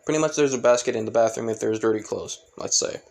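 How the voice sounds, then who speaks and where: A man's voice: lowish voice, fast talker, vocal fry, a little mellow. A man casually narrating a fan story, rambling with many fillers and self-corrections.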